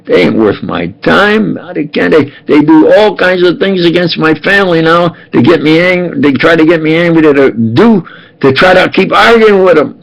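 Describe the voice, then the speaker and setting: A man in his eighties in a rambling, aggrieved monologue, halting and repeating himself. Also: fairly high pitch, expressive, vocal fry, rough recording. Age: 80s. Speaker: self-published speaker.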